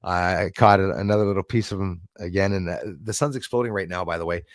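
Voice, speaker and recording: A man's voice: deep voice, steady tone, fast talker, no room sound, studio quality. Rambling man hosting a live stream. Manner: rambling, reads out and thanks chat viewers. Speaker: livestream host. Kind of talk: casual live-stream chat.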